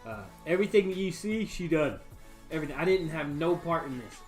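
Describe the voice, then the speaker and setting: A man's voice: on the high side, lively intonation, brisk, a little mellow, faint music behind. A man, casually chatting to viewers on a livestream from his home bar room, rambling and folksy with lots of fillers. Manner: rambling, laid-back, folksy, frequent fillers. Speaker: livestream host. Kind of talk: casual chat to a live stream. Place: home bar room with sound foam on the walls.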